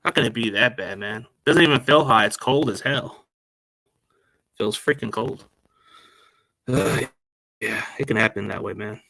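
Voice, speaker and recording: Lowish and unhurried, the man's creaky voice leaves long pauses as he chats casually on his sports podcast. His tone is sharp and the recording dry, captured on a laptop mic while he rambles in slang and addresses listeners as man and dude.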